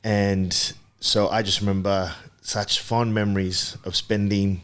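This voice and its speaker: A man in his thirties from Papua New Guinea, chatting as a podcast guest. His voice sits fairly low, and he tells his story in a reflective, meandering way, pausing on ums and restarting his sentences. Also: flat delivery, a bit bright. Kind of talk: casual interview chat.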